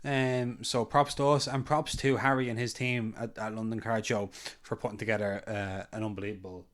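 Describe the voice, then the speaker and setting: A man's voice: fairly low pitch, normal speed. Rambling Irish man telling a story. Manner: relaxed, rambling anecdotes with many fillers. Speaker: podcast host. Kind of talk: casual chat, storytelling.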